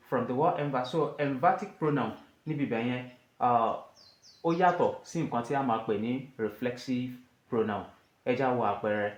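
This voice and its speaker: A man's voice: a little high, echoey room. A man, a Yoruba speaker, teaching an English grammar lesson and asking his listeners rhetorical questions.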